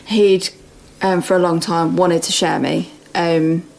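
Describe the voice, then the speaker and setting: A hesitant woman who is a guest in a casual podcast interview. She speaks slowly, pausing with ums and giggling between thoughts. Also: on the low side, level tone, vocal fry, a little mellow, low-quality recording.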